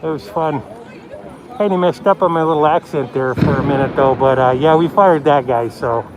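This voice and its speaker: A man from the Pacific Northwest giving rambling, casual live-stream commentary while filming a street protest on a handheld phone, often dropping to a low voice. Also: moderate pace. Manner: chatty, rambling, often lowers his voice. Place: outdoors on a city street at a protest. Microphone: handheld phone camera. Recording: loud crowd noise around the speaker.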